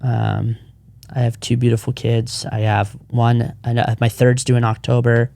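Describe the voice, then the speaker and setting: A man's voice: medium pitch, level tone, moderate pace, gravelly, dark tone. A man in his thirties, a podcast co-founder, telling his personal story in casual chat, earnest and rambling with frequent restarts.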